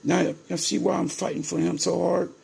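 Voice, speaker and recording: A man's voice: sits high, level tone, normal speed, vocal fry, a little mellow, slightly rough. A middle-aged man from Ohio talking straight to his viewers as "people", emphatic and repetitive, retelling how his family's case was handled. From Ohio, USA. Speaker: parent telling his story to viewers. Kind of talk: casual direct-to-camera monologue.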